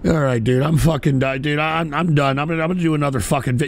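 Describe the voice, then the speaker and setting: Gravelly raspy guy ranting on his show, high voice all over the place, yelling n cursing. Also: fairly even intonation. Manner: yells and curses, then mutters fast. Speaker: show host. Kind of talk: angry live-show rant.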